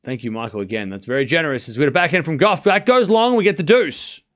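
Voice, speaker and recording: A man streaming a live tennis watchalong, calling each rally in quick play-by-play and chatting with viewers between points. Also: on the high side, lively intonation, fairly bright tone. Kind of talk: live watchalong commentary and chat reading.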